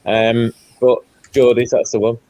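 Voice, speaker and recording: A man's voice: mid-range voice, little pitch movement, measured pace, a little mellow, no room sound, poor audio. A man rambling and teasing friends in a casual group chat. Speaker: chat participant.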